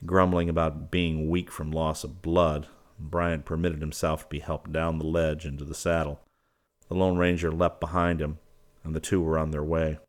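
A man narrating a western audiobook in an even storytelling manner. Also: extremely low pitch, normal speed.

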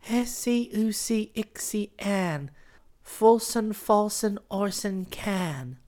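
Man putting on a sweet little girl's high voice. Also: animated, slow, darkish tone, full character voice. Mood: sing-song. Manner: sing-song, eager child voice. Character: small, sweet, dreamy little girl.

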